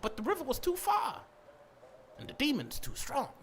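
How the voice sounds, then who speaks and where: A man's voice: extremely high pitch, huge pitch swings, slight background noise, pitched above the performer's own voice, heavily acted. A man putting on a stern, haughty monkey king. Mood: grave. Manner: formal, aristocratic, drawn-out.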